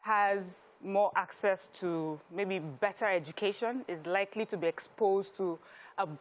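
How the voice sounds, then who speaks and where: A woman's voice: mid-range voice, unhurried. A woman with a Nigerian accent explains her views at length on a studio talk show. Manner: thoughtful, explanatory. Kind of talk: studio panel discussion.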